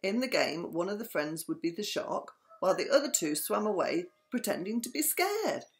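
An older woman, a grandmother, reads a bedtime story in a soft, sing-song voice. Her pitch rises and falls a lot as she talks. Her manner is gentle and soothing. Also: big pitch swings, moderate pace.

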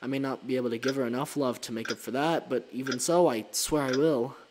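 A man's voice: medium pitch, steady tone, fast talker, natural voice. A man voicing a devoted, stubborn young boyfriend in a game, reading earnestly over a noisy mic.

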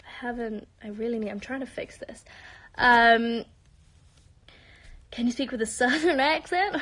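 Born in Spain and raised in London, this young British-accented woman chats casually with fans during a live-stream Q&A on a phone held at arm's length. She's bubbly and talkative, whispering asides often, with a fairly high, bit-bright voice at a measured pace and frequent pauses.

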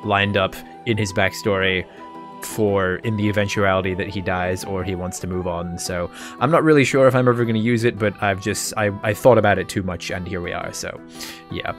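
An Australian man with a somewhat low voice, chatting loosely about his game with plenty of trailing asides. He hosts an after-show with friends. Faint music sits under the talk. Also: brisk. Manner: rambling, chatty. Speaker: player hosting a podcast after-show. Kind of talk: casual chat.

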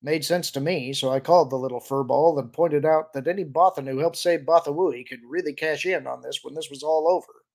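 A man's voice: a little high, brisk, hardly any pauses, darkish tone. A man voicing a cocky, roguish male pilot in an audiobook reading, offhand and pleased with himself. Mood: smug.

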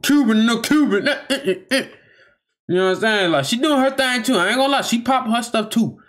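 A man's voice: very high-pitched, brisk, fairly bright tone. A man hosting a reaction video, talking casually in slang and often repeating himself as he stops to comment.

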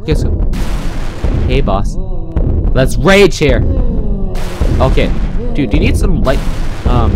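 A young man giving excitable gaming commentary, yelling and swearing a lot as he plays. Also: medium pitch, takes it slowly, pauses often. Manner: excitable, yells and swears often. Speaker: gaming YouTuber. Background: music.

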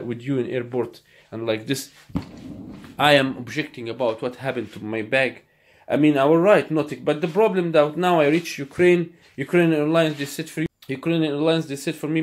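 Angry man ranting in broken English. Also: mid-range voice. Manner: angry, repetitive, halting non-native English with profanity. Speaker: vlogger. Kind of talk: ranting to camera.

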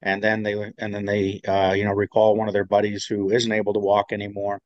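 A man with a lowish voice tells a rambling veteran's story, full of fillers and restarts. The recording is dry and close but dull and lo-fi. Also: monotone, fairly quick, dry recording. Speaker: guest, veteran. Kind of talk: casual storytelling in an interview.

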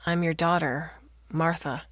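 A woman's voice: low voice, unhurried, dry recording, clean studio sound. A woman voicing a weary adult daughter caring for her sick father. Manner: weary, flat.

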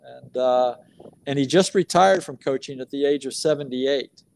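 A middle-aged American man, a basketball coach, answering interview questions with slow, deliberate, emphatic storytelling. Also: mid-range voice, gravelly, darkish tone.

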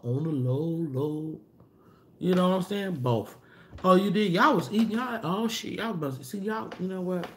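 A chatty woman hosts a livestream, reading viewer comments aloud and answering them in loose, slangy casual chat. She's animated, her pitch jumping up when she greets people. There's a little hiss or hum on the recording.

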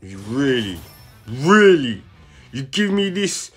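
A young man, giving slang-heavy, excitable commentary straight to his viewers. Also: medium pitch, a little slow, vocal fry, soft background music. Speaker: gaming channel host. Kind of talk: casual live commentary.

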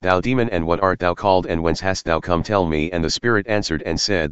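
A man reading an ancient text aloud in a solemn, steady, archaic manner. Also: low-pitched, a little fast, few pauses, smooth, no echo, highs cut off. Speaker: narrator.

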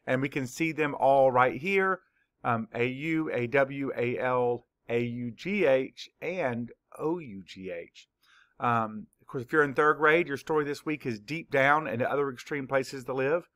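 A man teaching a spelling lesson to young children, dictating words slowly and clearly, sound by sound. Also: mid-range voice, fairly bright tone. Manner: slow, clear word-by-word dictation.

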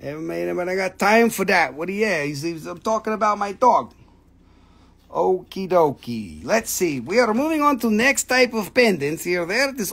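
An excitable man hosts a casual live sales stream from home, showing off stones and rattling off prices. His voice sits fairly high for a man, and he swears freely and gushes over how beautiful everything is. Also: gravelly. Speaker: host selling gemstones on a live stream. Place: home, with his dogs nearby.

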